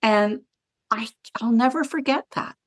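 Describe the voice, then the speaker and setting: A woman talks as a guest on a wellness podcast and tells her stories with animated, acted-out dialogue. Her voice sits at a middle pitch. It is recorded dry and close, with no room sound. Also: normal speed, no echo. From Canada. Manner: animated storyteller who acts out dialogue. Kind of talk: podcast interview.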